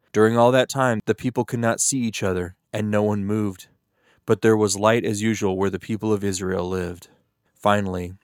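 A man giving a steady, measured scripted Bible reading. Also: fairly low pitch, dry recording, studio quality. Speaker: Bible reader.

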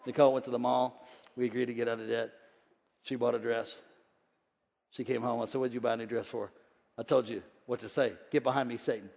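A man in his forties preaching a sermon as pastor, energetic and folksy, jumping from shouts to hushed, joking asides. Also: medium pitch, brisk, gravelly, long pauses, big-room sound. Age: 40s. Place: large church hall with congregation.

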